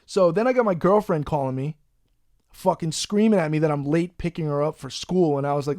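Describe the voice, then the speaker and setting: A man, hosting a podcast and telling a profane, animated story in a casual way. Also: on the high side, fairly quick, dry recording, studio quality. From Long Island, New York. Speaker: podcast host.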